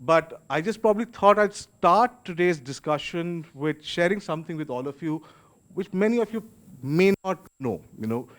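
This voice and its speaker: A man's voice: on the high side, animated, moderate pace. A man with an Indian English accent hosting and moderating a book launch, talking casually with frequent fillers and restarts. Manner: chatty, warm-up remarks with many restarts and fillers. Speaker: host and moderator. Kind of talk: casual public speaking at an event. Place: event hall.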